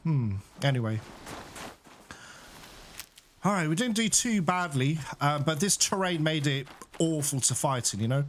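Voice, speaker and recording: A man commentating a video game he is playing, excitable, swearing and cheering at the action. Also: a little high, unhurried, pauses often, slight background noise. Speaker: gaming channel host. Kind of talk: let's play commentary.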